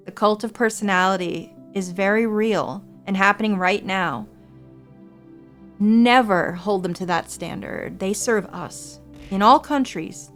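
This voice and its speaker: A woman's voice: medium pitch, a bit bright. A woman in her forties from the United States, a streamer chatting casually with viewers in an earnest, reassuring way and swearing freely. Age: 40s.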